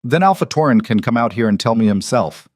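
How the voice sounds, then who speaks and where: A man's voice: medium pitch, animated, brisk, no room sound, clean studio sound, natural voice. A man voicing a defiant young woman, a cast-out wolf queen, who speaks in a cool, level, unyielding way. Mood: steely.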